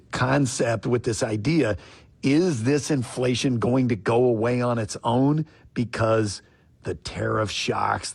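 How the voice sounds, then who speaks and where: A man being interviewed as an economist, answering in a measured, explanatory way. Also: on the low side, slightly rough, no room sound. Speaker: economist guest.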